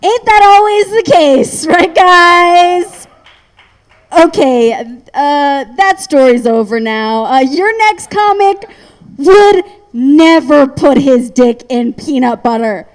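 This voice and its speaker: High-voiced teasing woman emcee. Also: lively intonation, takes it slowly. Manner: teasing, crude, giggly. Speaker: open mic host. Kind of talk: comedy emcee banter. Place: small brewery taproom stage.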